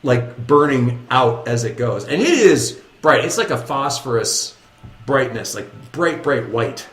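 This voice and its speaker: A man running a tabletop game as game master, narrating action in a lively, rambling way that keeps correcting itself. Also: mid-range voice, a little slow, reverberant.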